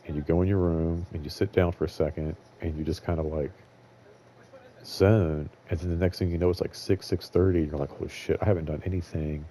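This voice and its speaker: Deep-voiced man rambling casually. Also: fairly even intonation, fairly quick, warm tone. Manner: rambling, filler-heavy, candid and profane. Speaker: show host.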